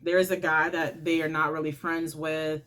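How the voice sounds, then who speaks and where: A woman's voice: low voice, flat delivery, normal speed, a bit bright. A woman hosting her own channel, casually retelling a film's plot in a chatty, informal way. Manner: chatty, informal, retells scenes by acting out lines. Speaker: movie reviewer and channel host. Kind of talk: casual movie recap.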